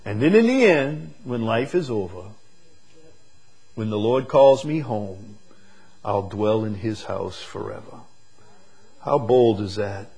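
A man preaching a sermon, moving from quiet, slow reflection to loud, emphatic declarations. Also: fairly low pitch, animated, creaky, slightly rough. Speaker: pastor.

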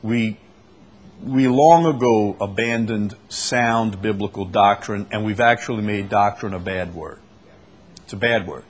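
A husky-voiced man preaches to a small church group, hammering his points with repetition. He fires off rhetorical questions, building up to each point. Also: on the low side, a little slow. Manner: emphatic, repeats key phrases, asks rhetorical questions. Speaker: pastor leading a Bible study. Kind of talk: preaching Bible study.

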